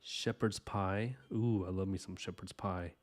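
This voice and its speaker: Low-voiced and unhurried, this art livestream host keeps a steady tone as he chats casually with his viewers. He rambles with enthusiasm and sprinkles in plenty of "like" and "you know."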